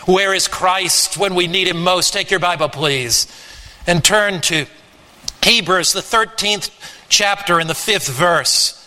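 A man preaching a sermon, slow and emphatic, with dramatic rises and drops in his voice. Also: high voice, sharp tone, long reverb tail, rough recording.

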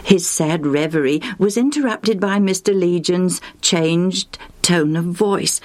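A woman's voice: on the low side, slow pace, hardly any pauses, darkish tone. A woman telling a children's story, reading the narration with expression.

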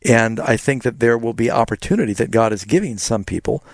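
A man, a pastor hosting a call-in radio show, answering Bible questions and gently correcting callers. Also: mid-range voice, lively intonation, brisk, dry recording. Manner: explains steadily, gently correcting.

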